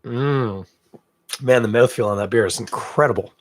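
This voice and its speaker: A man's voice: mid-range voice, moderate pace, a little hiss or hum. Congested, chatty male podcast host. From Canada. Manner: chatty, self-deprecating, rambling asides. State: congested, snuffly from a cold. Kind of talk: casual live beer-tasting chat.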